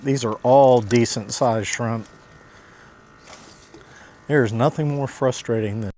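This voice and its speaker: Male outdoor host, mid-pitched, chatty and excitable, narrating his catch live from a kayak with faint background noise. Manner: excitable, talks to viewers while fishing. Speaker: fishing vlogger host. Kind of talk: casual running commentary.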